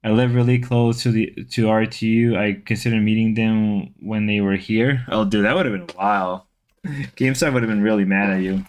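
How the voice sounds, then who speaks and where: A man's voice: on the low side, steady tone, normal speed. A man hosting a casual livestream, chatting loosely and reading viewer comments, repeating himself as he rambles. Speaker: livestream host.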